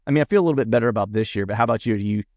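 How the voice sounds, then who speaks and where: A podcast host from Pennsylvania rambles in a chatty interview with many restarts and fillers. His voice is lowish and darkish and he talks fast, on a recording with no echo and clipped highs.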